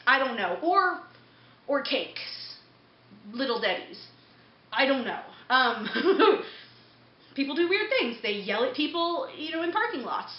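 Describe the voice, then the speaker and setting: A young woman vlogging, telling a story in a blunt, profane, quick-tempered way. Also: high-pitched, very animated. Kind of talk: casual storytelling to camera. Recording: dull echoey room recording with faint hum.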